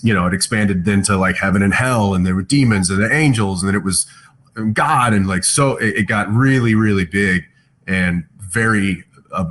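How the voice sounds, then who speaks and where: A man's voice: low-pitched, fairly bright tone, slight background noise. A man chatting thoughtfully on a virtual fan panel, reading out fan questions from home over a video call. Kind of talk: casual panel chat.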